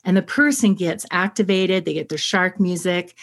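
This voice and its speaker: A woman therapist explaining ideas in conversation, steady and clear, acting out quick examples. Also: fairly low pitch.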